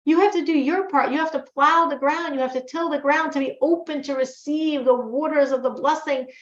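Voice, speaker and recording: Her voice is high-pitched and a little fast as she teaches a religious class through storytelling. She quotes the characters with animation, acting out their lines, in an echoey, dull lo-fi room.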